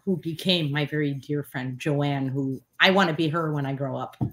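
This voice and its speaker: A woman in her forties, a guest in a casual interview, telling stories with lots of fillers and lively quoted voices. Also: normal speed. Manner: animated, many fillers, acts out quotes in a higher voice. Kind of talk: casual storytelling chat.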